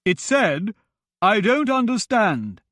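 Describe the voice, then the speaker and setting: A man's voice: high voice, very animated, slow, fairly bright tone, no echo, clean studio sound, voice pushed up, heavily acted. A man voicing an eager, bookish young monk in an audiobook. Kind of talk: audiobook character voice.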